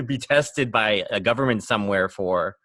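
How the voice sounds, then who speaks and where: A man's voice: on the low side, normal speed, fairly bright tone, dry recording, studio quality. A man hosting a podcast, chatting casually with wry joking asides. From United States. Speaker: podcast host.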